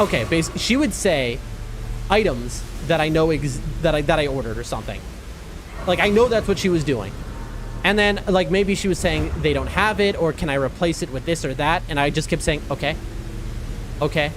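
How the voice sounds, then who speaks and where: A man's voice: fairly high pitch, background noise. A man chatting casually as a game streamer, telling a rambling story and reacting to his gameplay with frequent laughs and restarts.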